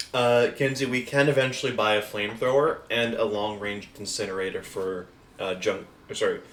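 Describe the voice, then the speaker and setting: A man running a casual tabletop game, joking in a deadpan way. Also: lowish voice, normal speed, few pauses.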